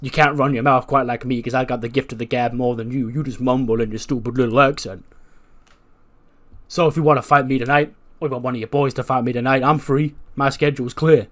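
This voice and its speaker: A man's voice: mid-range voice, fairly even intonation, brisk, fairly bright tone, natural voice. A man voicing a cocky young male wrestler who brags and mocks his rivals. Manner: boastful, mocking.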